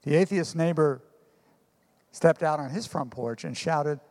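A male pastor preaches, moving through his stories with pauses and fillers. His voice sits slightly high for a man. A long hall reverb trails behind his words. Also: a little mellow. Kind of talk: sermon.

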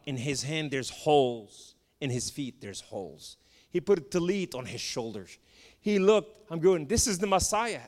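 Impassioned man preaching in a reverberant hall. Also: fairly high pitch. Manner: dramatic, swings from loud cries to hushed tones. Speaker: preacher giving testimony. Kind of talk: impassioned sermon testimony. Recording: long reverb of a large hall.

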